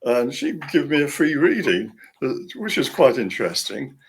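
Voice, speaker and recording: Guy telling a long story, keeps chuckling and going off track, average pitch. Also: very animated, moderate pace, a little hiss or hum. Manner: rambling, chuckling, frequent restarts. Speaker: author, interview guest. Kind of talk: casual storytelling.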